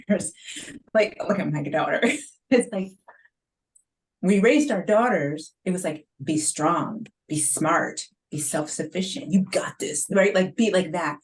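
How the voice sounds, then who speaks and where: A woman's voice: medium pitch, darkish tone, rough recording. A middle-aged woman, a mother hosting a panel, talking casually and expressively with frequent laughs. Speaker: host, mother.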